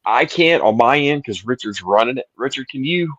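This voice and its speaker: A man hosting a live video-call show, chatting in a relaxed way and sharing stories. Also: medium pitch, moderate pace, no echo. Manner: relaxed, chatty storyteller, says "dude" and "you know". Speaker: host. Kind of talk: casual live-stream chat. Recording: dull, lo-fi stream audio.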